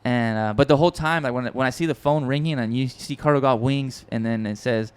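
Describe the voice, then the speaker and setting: A man hosting a podcast, telling a story in a casual, excitable and rambling way with frequent swearing and restarts. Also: medium pitch, a little fast, clean tone. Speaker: podcast host and music producer.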